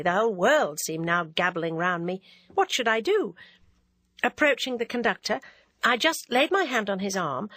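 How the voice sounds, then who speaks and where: A woman narrating a classic novel as an audiobook reader, in a measured, even way. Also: mid-range voice, dry recording.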